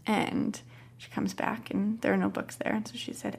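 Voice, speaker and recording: A woman hosting a parenting podcast who tells a coaching story in a calm, gentle, soft-spoken way. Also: medium pitch, moderate pace, gravelly, breathy edge. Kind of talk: casual storytelling.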